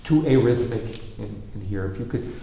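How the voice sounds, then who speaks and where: A man's voice: lowish voice, animated, moderate pace, gravelly, mellow, slight background noise. A man teaching a piano masterclass, coaching a student with wry, probing questions between passages of playing. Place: large roomy hall with a piano. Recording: roomy hall echo with piano.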